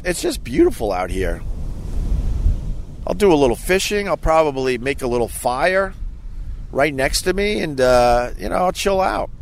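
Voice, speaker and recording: Rambling middle-aged radio host outdoors. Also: male voice, on the high side, a little hiss or hum. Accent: faint Long Island. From Long Island, New York. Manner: rambling, self-mocking, bursts into loud mock rants. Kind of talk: casual outdoor vlog monologue. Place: outdoors on a quiet beach.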